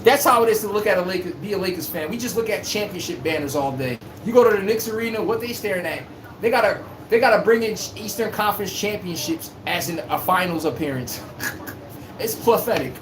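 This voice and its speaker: A man's voice: high voice, expressive, fairly quick. A man hosting a casual sports live stream, reading chat and trash-talking in a brash, playful way, recorded on a phone. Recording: echoey room with faint hum.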